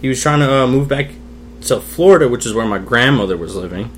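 A man's voice: medium pitch, lively intonation, fast, slight background noise. A young man, a podcast guest, telling a personal story in casual talk over drinks, candid and swearing freely. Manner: candid, swears freely, acts out quoted voices.

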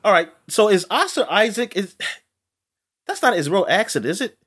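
A man co-hosting a relaxed chat about a TV series, talking in a fairly high voice that rises and falls a great deal. He laughs often and restarts his sentences as he goes. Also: normal speed, husky. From not British. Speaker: podcast co-host. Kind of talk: casual chat.

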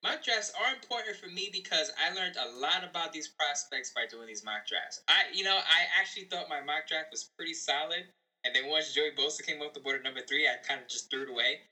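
A man's voice: fairly high pitch, brisk, sharp tone, low-quality recording. A man who writes about sports, co-hosting a podcast and talking in a chatty, self-assured, rambling way. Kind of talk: casual sports chat.

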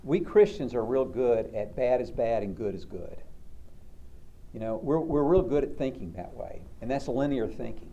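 A man's voice: mid-range voice, lively intonation, normal speed, mellow, dull audio, a little hiss or hum. A man counselor giving a sermon-like talk, conversational and storytelling, often repeating words.

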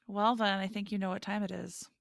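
A woman co-hosting a casual wrestling podcast, playful and jokey, quick to laugh. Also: medium pitch, little pitch movement, gravelly, no room sound. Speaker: podcast co-host.

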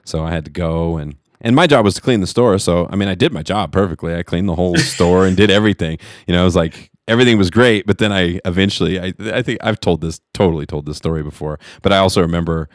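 Deep-voiced guy rambling thru a story on a podcast, laughs a lot, swears, dry close mic. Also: fast talker, few pauses, no echo. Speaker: podcast co-host. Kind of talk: casual storytelling chat.

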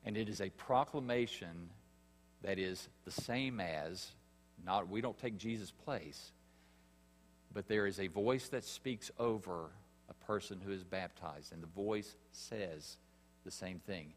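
A man preaching a sermon, earnest and emphatic, pausing and rising in stress as he reads scripture. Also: low-pitched, big-room sound. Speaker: pastor.

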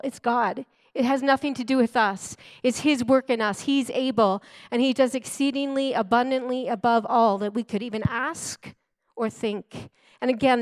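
A woman's voice: a little high, dry recording. A middle-aged woman preaching a sermon in an earnest, emphatic way, repeating key phrases for stress.

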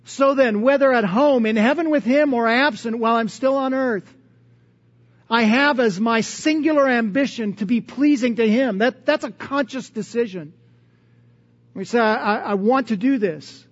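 A man's voice: very high voice, moderate pace, lo-fi sound. A man preaching a sermon in an earnest, conversational way, posing strings of rhetorical questions. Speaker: pastor.

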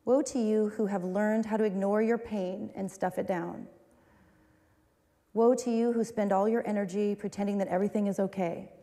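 A woman pastor delivers a sermon, moving from solemn recitation to candid, conversational asides that poke fun at herself. Her voice is warm and mellow, and it rings with a long reverb from a large church hall. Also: mid-range voice.

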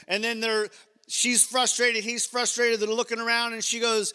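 Bright-voiced man preaching, playful. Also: extremely high pitch, level tone, a little slow, smooth, in a large hall. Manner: conversational, playful asides to the congregation. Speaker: pastor. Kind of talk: sermon.

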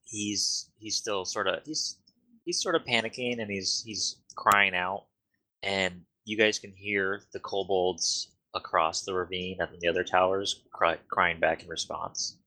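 A man as game master, narrating the scene and correcting players with quick repeated words. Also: deep voice, steady tone, sharp tone. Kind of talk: running a tabletop game.

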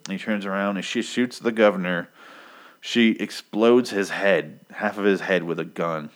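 A man casually recapping a comic book issue, rambling, swearing freely and filling pauses with "um". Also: sits low, steady tone. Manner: rambling, profane, lots of ums.

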